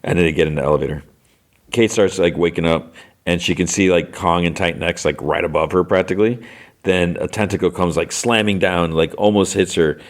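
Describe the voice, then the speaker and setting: Low-voiced man casually recapping. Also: steady tone, a little fast. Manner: rambling retelling full of "like" and "you know" fillers. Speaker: podcast host.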